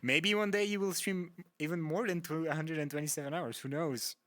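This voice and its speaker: A man's voice: a little high, steady tone, normal speed, fairly bright tone. A man hosting a casual interview, enthusiastic and encouraging, often laughing along. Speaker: interviewer host.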